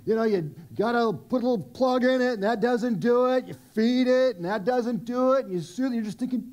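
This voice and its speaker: A man's voice: very high-pitched, moderate pace, darkish tone. A middle-aged man preaching a sermon at a church service, conversational and self-deprecating, with many restarts. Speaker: pastor.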